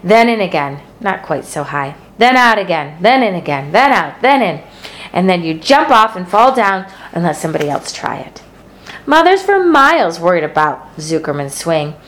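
A woman's voice: lowish voice, big pitch swings, normal speed, fairly bright tone. Woman reading a children's story aloud. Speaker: storybook narrator.

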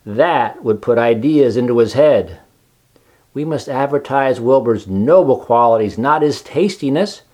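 A man voicing a kind, wise female barn spider who talks gently but firmly, coaxing the others along. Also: mid-range voice, expressive, measured pace.

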